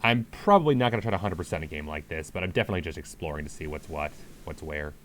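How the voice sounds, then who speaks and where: A man's voice: extremely low pitch, racing, a bit bright, faint music behind. A young man streaming a puzzle game, talking through it with dry, wry humour and reading in-game text aloud. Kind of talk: let's play commentary.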